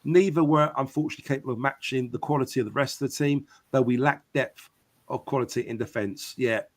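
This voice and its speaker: A man with a mid-range voice speaks fast as he hosts a live football podcast. In a chatty, casual live-stream style, he reads out what viewers comment and answers back.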